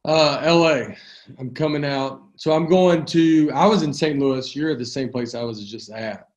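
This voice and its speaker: A man's voice: on the high side, normal speed. Easygoing man rambling in casual chat. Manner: rambling, easygoing, full of restarts. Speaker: comedian guest.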